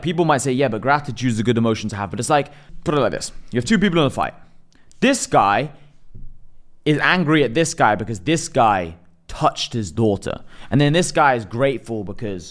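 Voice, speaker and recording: A man delivering a blunt, profanity-laced motivational monologue, acting out quick imagined voices along the way. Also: fairly low pitch. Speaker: self-improvement vlogger.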